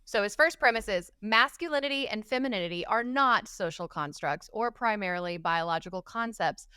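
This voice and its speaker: A woman co-hosting a casual commentary podcast who speaks directly and pushes back calmly. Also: medium pitch, a little fast, smooth, no echo, clean studio sound. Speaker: podcast co-host.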